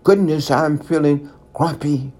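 A storybook reader voicing a gentle honey-loving male bear feeling grumpy, slightly higher than the narration. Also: unhurried, natural voice.

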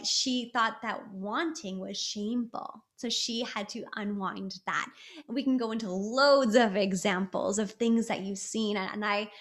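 A woman's voice: fairly high pitch, a bit bright. Chatty upbeat woman podcast host. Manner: upbeat, chatty, many fillers and restarts. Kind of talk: casual motivational talk.

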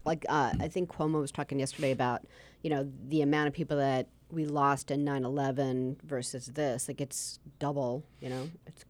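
A woman's voice: a bass voice, flat delivery, a little mellow, slight background noise. A middle-aged woman co-hosting a comedy radio show, chatty and easygoing in casual banter. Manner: chatty, easygoing, quick to laugh. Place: radio studio.

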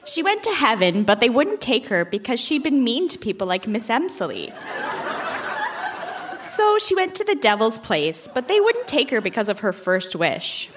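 A woman's voice: fairly high pitch, big pitch swings, moderate pace, noisy background. A woman reading her own childhood story aloud on a theater stage, mock-earnest and laughing as she goes.

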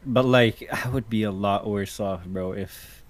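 A man's voice: lowish voice, measured pace. A man from Iran co-hosting a podcast, chatting casually in slangy, profane talk and acting out quotes as he tells stories. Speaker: podcast co-host. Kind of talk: casual chat.

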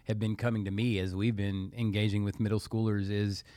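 Reflective low-voiced male co-host. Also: level tone, a little fast, dark tone, dry recording. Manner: reflective, thinks aloud with light laughs. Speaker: podcast co-host. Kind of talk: casual podcast conversation.

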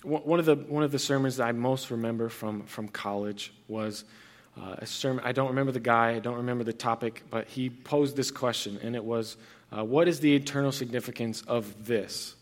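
A man's voice: medium pitch, a little fast. A young man preaching a sermon as pastor, earnest and conversational, with frequent restarts and fillers.

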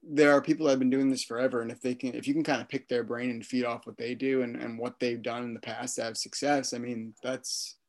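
A man from Florida hosting a casual interview, enthusiastic and quick to laugh. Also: mid-range voice, level tone. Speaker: interviewer, host.

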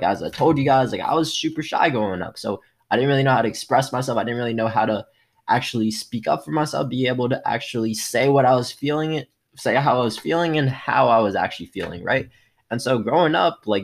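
A young man hosting his own solo motivational podcast, talking energetically and shifting his tone and loudness often. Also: medium pitch, husky. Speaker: podcast host.

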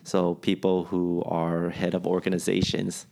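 Gravelly low-voiced man musing casually. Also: monotone, measured pace, mellow. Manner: opinionated, musing, loose and profane. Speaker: podcast co-host. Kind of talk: casual chat.

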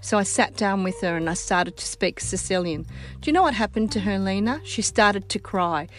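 An older woman with an Australian accent hosting a casual chat, telling stories in a warm, heartfelt way. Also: medium pitch, normal speed.

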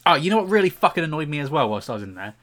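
A man's voice: fairly high pitch, very animated, rapid-fire, fairly bright tone. A young man telling a story on a podcast as a heavy-swearing, exasperated rant. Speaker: podcast co-host. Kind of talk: casual chat.

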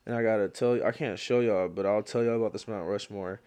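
A young man hosting a casual solo podcast, telling rambling stories full of slang and fillers, and getting loud and worked up when he rants. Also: on the low side, steady tone, quick pace, clear, resonant tone. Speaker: podcast host.

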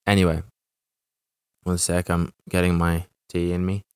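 A man's voice: sits low, flat delivery, unhurried, a little mellow, smooth, dry recording, studio quality. A young man hosting his own podcast, talking casually in a rambling, profane way and often restarting his sentences. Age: young adult. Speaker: podcast host.

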